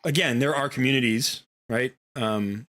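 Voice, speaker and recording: A man's voice: mid-range voice, normal speed, a bit bright. A middle-aged American man hosting a game stream, talking in a rambling, casual way full of fillers and restarts. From United States. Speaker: streamer and host. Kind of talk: casual chat while gaming.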